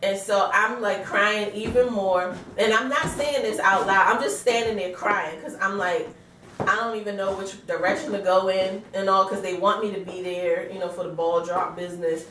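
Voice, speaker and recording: A woman's voice: medium pitch, fairly even intonation, moderate pace, a bit bright, distant mic. A tired, pregnant woman in her thirties tells a home story in casual vlog style, acting out the quotes and breaking into laughs. Her voice comes from a little way off the mic. The room around her is roomy, with a faint hum of ambience underneath. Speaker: vlogger. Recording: roomy sound from away from the mic.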